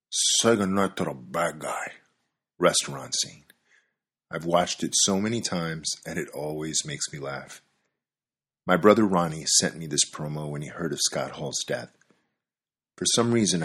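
A man's voice: extremely low pitch, a bit bright, breathy edge. A man reading a scripted monologue in a wry, conversational way, amused at times. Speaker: commentator.

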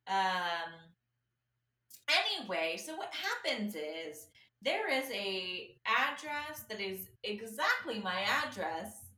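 A woman's voice: mid-range voice, slow pace, distant mic. A woman telling a story in casual chat and acting out the people in it. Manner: animated storyteller, acts out quoted people. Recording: echoey room, a bit off-mic.

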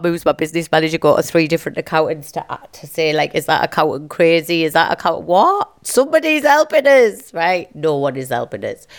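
A woman in her fifties, a business owner and teacher, speaking to camera in an emotional, halting, heartfelt way. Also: low-pitched, smooth. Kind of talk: personal confessional vlog.

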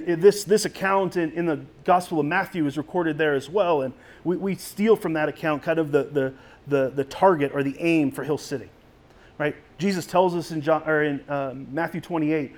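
A man's voice: on the high side, a little mellow. A man preaching a sermon as a pastor in a conversational way, with frequent restarts.

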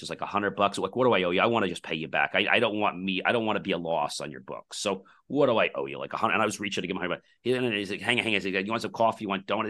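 Male podcast guest, deep bright voice, animated storyteller who plays out the back-and-forth in his anecdotes. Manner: animated storyteller acting out quoted dialogue. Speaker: podcast guest, company founder.

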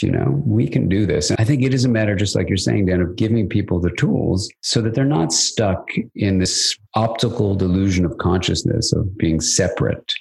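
A man's voice: low-pitched, creaky, slightly rough, poor audio. An older man, a psychiatrist guest in an interview, explaining ideas at length and telling stories with acted-out dialogue. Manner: animated storyteller, acts out quoted dialogue.

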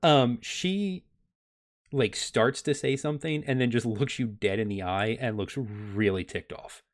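A man's voice: mid-range voice, measured pace. A man acting as game master of a tabletop game, talking in an easygoing way with many fillers.

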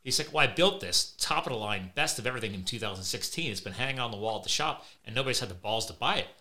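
A man hosting a podcast, telling animated, chatty anecdotes. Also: lowish voice, rapid-fire. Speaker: podcast host. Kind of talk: casual conversation.

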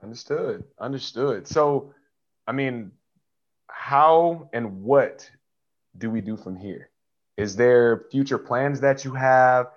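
A man's voice: medium pitch, slow. Laid-back male interviewer on lo-fi audio. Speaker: interview host. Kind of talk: casual interview questions. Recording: dull lo-fi audio.

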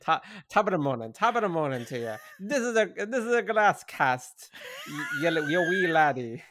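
A man's voice: fairly high pitch, very animated, moderate pace, fairly bright tone, pitched above the performer's own voice. A man putting on a clumsy, joking Irish accent that drifts toward Jamaican as he signs off a show. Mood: hammy. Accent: put-on Irish, slipping toward Jamaican. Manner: hammy, giggly, stumbling over the lines. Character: playful mock Irish man signing off a show.

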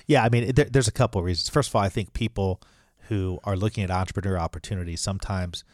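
A man with a deep, low-pitched voice talks as an interview guest. He explains his points earnestly and restarts his sentences as he thinks. The recording is dry and close, with no room sound. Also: quick pace, no room sound. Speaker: franchise attorney and podcast host.

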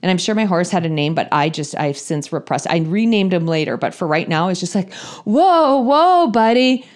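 A woman in her thirties or forties telling a humorous personal story in an animated, self-deprecating way, acting out her own thoughts. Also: sits low, a little fast.

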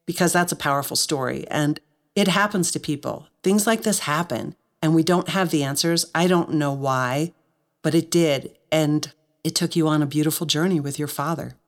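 Choked with emotion, this podcast host talks sincerely with her guest and audience during a heartfelt interview. Her voice sits low and moves at a normal speed.

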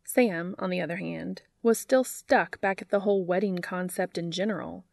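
A woman reads fan fiction aloud with wry, dry storytelling. Her voice is fairly low with a gravelly texture. The recording is close and dry, with no room sound. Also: moderate pace, darkish tone, no room sound.

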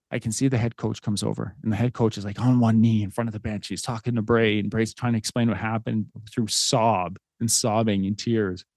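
A man's voice: mid-range voice, a little mellow, no echo. A man in his thirties, a podcast host, telling a personal story in an earnest, conversational way with fillers. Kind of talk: casual storytelling.

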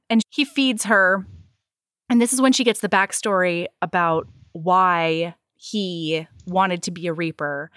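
A woman co-hosting a casual chat, recapping a story with quick acted-out lines and some swearing. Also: mid-range voice, dry recording, studio quality. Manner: animated, swearing, acts out lines in quick voices. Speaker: podcast co-host.

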